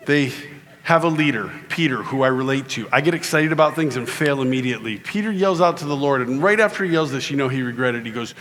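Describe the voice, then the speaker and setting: Animated man telling stories onstage. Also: a little high, fairly quick, a little hiss or hum. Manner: animated storyteller who acts out voices. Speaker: keynote speaker. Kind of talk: humorous faith talk to a live audience. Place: conference hall in Louisiana.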